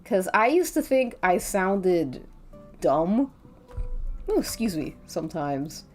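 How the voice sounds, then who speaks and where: A woman's voice: fairly low pitch, big pitch swings, takes it slowly. A woman with a light Latina accent, chatting casually with her stream chat in a playful, talkative way. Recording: faint background music.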